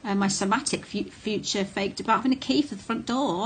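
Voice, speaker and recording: Woman, middle-aged, mid-pitched, candid talk to camera, faint background hiss. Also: expressive, fast talker, few pauses. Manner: blunt and candid, with many ums and restarts. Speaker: vlogger on narcissistic abuse.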